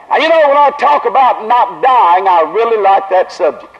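A man with a Southern accent preaching at a tent revival, drawing his words out slowly and then rising to loud emphasis. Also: high-pitched, lively intonation. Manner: slow, drawn-out delivery that builds to raised emphasis. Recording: dull lo-fi old recording.

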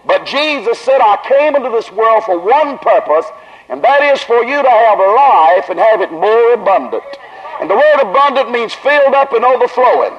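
A man with a Southern accent preaching at a tent revival, drawing his words out slowly and then rising to loud emphasis. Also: extremely high pitch, sing-song. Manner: slow, drawn-out delivery that builds to raised emphasis. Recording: dull lo-fi old recording.

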